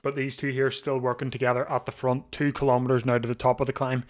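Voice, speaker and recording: Here a man hosts a live bike race watch-along, his medium pitch delivered flatly. Drowsy and yawning, he chats loosely, thinks aloud, restarts frequently, and breaks into laughter easily.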